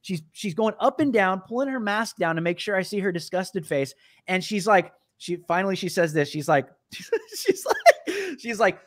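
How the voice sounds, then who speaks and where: A man's voice: sits high, sing-song, normal speed. A man hosting a casual talk show, animatedly telling a story, acting out the people he quotes and laughing often. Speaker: podcast host.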